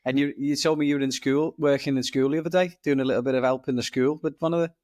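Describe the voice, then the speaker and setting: Friendly podcast host. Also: male voice, medium pitch, fairly even intonation, quick pace, a little mellow, no room sound, studio quality. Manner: friendly, brief prompts. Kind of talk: conversational interview.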